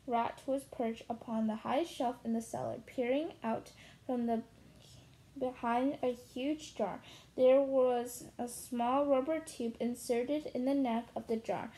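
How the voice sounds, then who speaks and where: A woman's voice: fairly high pitch, fairly even intonation, measured pace, dark tone, slight background noise, poor audio. Woman reading a children's book aloud. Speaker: storyteller.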